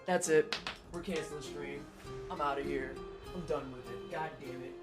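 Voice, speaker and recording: A livestreamer casually commenting on a game, swearing and joking, swinging between low mutters and loud outbursts. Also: normal speed, loud music behind the voice. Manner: animated, swears a lot, jokes and laughs. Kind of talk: casual gaming stream commentary.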